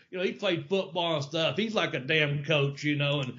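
A man's voice: fairly high pitch, normal speed, fairly bright tone. A man hosting a podcast and telling a rambling, profane story with frequent laughs. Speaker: podcast host. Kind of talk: casual storytelling. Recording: lo-fi, dull audio.

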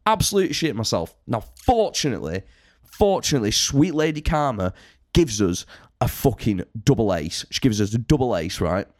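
A man's voice: medium pitch, very animated, fairly quick, a little mellow, no echo. A young man telling a long, rambling road story in casual podcast talk, swearing freely. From United Kingdom. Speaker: touring band musician telling a story.

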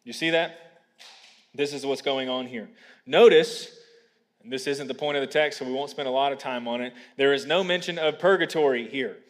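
A man's voice: mid-range voice, moderate pace, long reverb tail. A man preaching a sermon as pastor, earnest and rising to emphatic peaks, with ums in his asides.

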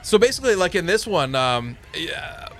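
A man's voice: high-pitched, big pitch swings, moderate pace, a bit bright. A man chatting casually, rambling through a story with lots of fillers. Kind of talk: casual chat.

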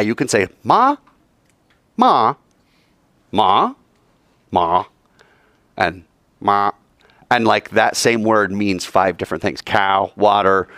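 A man teaching a classroom lecture, joking with his students in quick asides and acting out quoted arguments in a raised voice. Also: medium pitch, fairly bright tone, no room sound.

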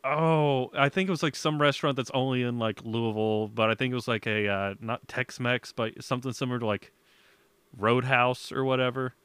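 Young guy podcast host, bright forceful voice, dry close sound, laughs a lot and cusses while telling stories. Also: mid-range voice, steady tone, brisk, clear, resonant tone, no echo. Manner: laughs often, swears casually, acts out quoted parents. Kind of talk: casual storytelling chat.

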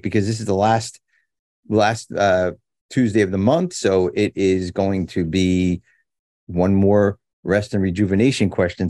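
Male podcast host, casual and jokey, slightly low voice, dry recording. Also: fairly even intonation, moderate pace, darkish tone, dry recording. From New Jersey. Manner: jokey, laughs often. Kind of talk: casual chat.

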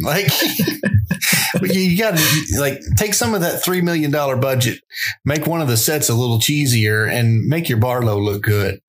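Animated laughing man reviewing a film. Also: mid-range voice, a little slow, slight background noise. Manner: animated, laughs often, jumps into silly voices. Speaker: podcast co-host. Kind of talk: casual movie review chat.

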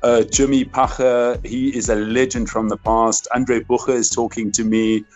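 A man's voice: mid-range voice, flat delivery, normal speed, a little mellow, dull audio, soft background music. A man hosting a podcast interview, talking in an effusive, rambling way. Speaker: podcast host. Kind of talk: casual interview chat.

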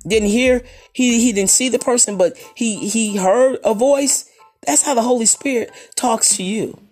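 Low-voiced woman preaching emphatically. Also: darkish tone. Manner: emphatic, rhythmic preaching with repetition. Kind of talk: sermon.

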